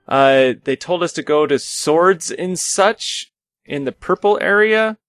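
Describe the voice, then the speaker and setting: Lively-voiced man playing a tabletop game. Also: on the high side, takes it slowly, dry recording, faint music behind. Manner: friendly, curious, questioning. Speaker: player. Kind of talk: in-character tabletop role-play.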